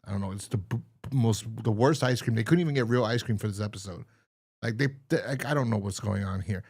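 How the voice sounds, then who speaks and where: A man's voice: fairly low pitch, quick pace, creaky, darkish tone. A man co-hosting a podcast in casual chat, rambling and exasperated as he retells a TV episode and acts out its lines. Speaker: podcast co-host.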